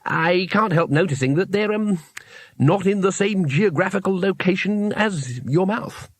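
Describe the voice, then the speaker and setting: A man's voice: sits high, animated, measured pace, no echo, voice pushed up, heavily acted. A man reading aloud, voicing a timid, polite male tourist who talks in a raised, hesitant voice. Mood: nervous.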